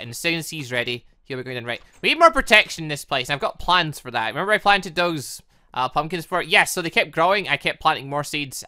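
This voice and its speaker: A man's voice: on the high side, sharp tone, no room sound, studio quality. Chatty man narrating his game. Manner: chatty, jokey, talks to villagers in the game. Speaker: gaming YouTuber. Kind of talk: casual Minecraft let's play commentary.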